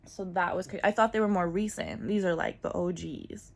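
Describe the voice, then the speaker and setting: Woman vlogger, low gravelly voice, candid chatty delivery with loose fillers. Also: fairly even intonation, moderate pace. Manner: chatty and candid, many fillers, laughs often. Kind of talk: casual personal vlog talk.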